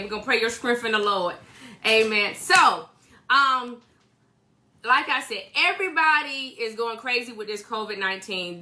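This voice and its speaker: Woman, thirties, livestream co-host, bright voice, fairly high pitch, chatty, greets viewers by name. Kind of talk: casual livestream chat. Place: home.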